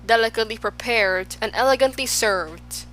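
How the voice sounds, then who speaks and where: A woman's voice: a little high, moderate pace, fairly bright tone, slight background noise, natural voice, poor audio. Woman reading as a pompous fussy humbug. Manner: flowery, fussy, agrees with everyone. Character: pompous wordy male humbug bug. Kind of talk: audiobook character voice.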